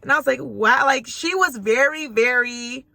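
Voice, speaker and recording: A young woman telling a personal story to her viewers in a casual, animated way, laughing often and acting out her own reactions. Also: high-pitched, moderate pace, no echo. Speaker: storytime vlogger.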